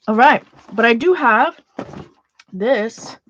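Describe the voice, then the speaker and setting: A woman's voice: on the high side, animated, takes it slowly, fairly bright tone, muffled recording. A woman chatting casually as she sorts her art supplies, rambling, trailing off and restarting her sentences. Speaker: art journaling vlogger. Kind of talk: casual chat while sorting art supplies.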